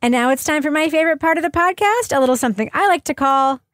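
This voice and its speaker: Chatty high-voiced woman podcast host. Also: animated, fast talker, fairly bright tone, dry recording, clean studio sound. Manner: chatty, laughs often while talking. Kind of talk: casual panel chat.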